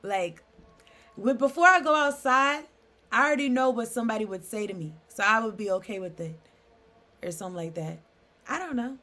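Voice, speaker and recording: A woman runs a casual tarot reading on her own, reading passages aloud and then riffing on them. Her voice sits a little on the higher side. She drops in loose asides and keeps checking in with "okay?". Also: expressive, fairly quick, long pauses, sharp tone, soft background music. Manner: chatty, reads aloud then riffs with asides; frequent "okay?" and "I don't know" fillers. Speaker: tarot reader.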